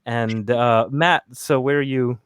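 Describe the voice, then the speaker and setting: Man host from New York, New York accent, mid-pitched, rambling and casual, dry close mic. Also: steady tone, slow, clear, resonant tone, no echo. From New York City area. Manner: loose and rambling, many "like"s and restarts, reads chat questions. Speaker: podcast host. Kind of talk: casual podcast chat.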